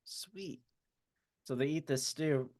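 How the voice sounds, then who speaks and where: A man's voice: a little high, animated, moderate pace, no echo, studio quality. A man co-hosting a podcast, in casual, swearing chat. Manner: laughing, swearing, retells scenes. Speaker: podcast co-host.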